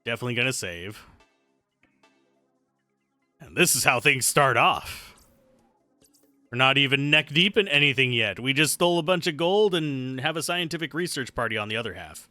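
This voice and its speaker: Brief: male let's play host, wry commentary, animated pitch, dry and close. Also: normal speed, pauses often, dry recording, soft background music. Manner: reads game dialogue aloud with wry asides. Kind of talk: casual game commentary. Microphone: close desk mic.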